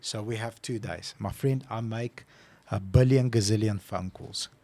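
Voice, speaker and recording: A man's voice: on the low side, unhurried, dark tone, no room sound. A man co-hosting a casual podcast who tells stories with animation and acts out his phone calls. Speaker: podcast co-host. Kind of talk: casual chat.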